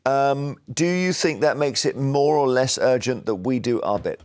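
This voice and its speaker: Casting: male host, easy jokey patter, mid-pitched, steering a studio panel. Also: moderate pace, a little mellow, clear, resonant tone. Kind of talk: live TV phone-in chat.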